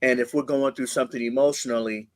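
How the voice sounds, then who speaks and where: Man, mid pitch, measured, sincere, reflective co-host, dry sound. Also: fairly even intonation, dry recording. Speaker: podcast co-host. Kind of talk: reflective conversation.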